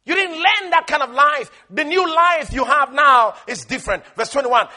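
A man preaching a sermon with emphatic call-and-response exhortation, swinging between shouts and quiet asides. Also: very high voice, lively intonation, moderate pace.

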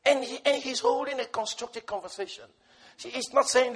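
A man preaching a sermon with passion, swinging from shouted lines to hushed asides. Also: very high voice, fairly quick, husky.

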